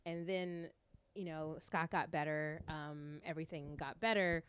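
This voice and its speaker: A woman's voice: low-pitched, steady tone, measured pace, fairly bright tone, a little hiss or hum. A woman guest on a podcast, a stand-up comedian, talking casually and rambling with lots of fillers.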